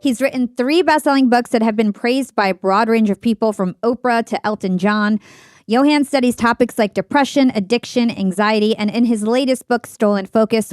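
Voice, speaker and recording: A woman hosting an interview podcast, reading a prepared introduction and asking questions in a measured, earnest way. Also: a little high, darkish tone, no echo, studio quality. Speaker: podcast host.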